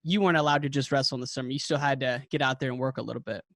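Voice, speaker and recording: A man hosting a podcast interview, enthusiastic and quick to laugh. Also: medium pitch, fairly bright tone, no echo, clean studio sound. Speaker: podcast host. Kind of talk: casual interview.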